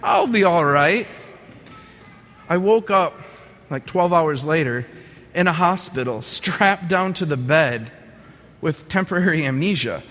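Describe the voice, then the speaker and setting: A man's voice: fairly high pitch, unhurried, big-room sound. A young man telling a personal testimony in an earnest, vivid storytelling way. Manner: earnest, vivid storytelling with lively quoted inner thoughts. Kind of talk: personal testimony, told to an audience.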